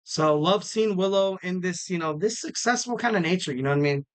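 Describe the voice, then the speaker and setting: A man's voice: sits high, brisk. A man hosting a solo wrestling podcast, talking casually and rambling with lots of fillers and self-corrections. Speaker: podcast host.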